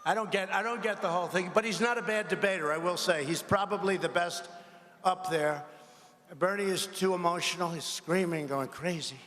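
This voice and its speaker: A man's voice: sits high, normal speed, fairly bright tone. A man giving a rambling campaign rally speech to a crowd in a large arena, mocking his rivals and asking the crowd for agreement. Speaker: politician at a rally. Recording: echoing hall with faint crowd noise.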